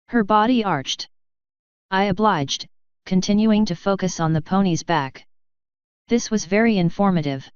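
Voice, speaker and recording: Smooth-voiced woman reading fanfiction aloud. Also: medium pitch, measured pace, no echo, highs cut off. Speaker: fanfiction reader. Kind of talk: audiobook narration.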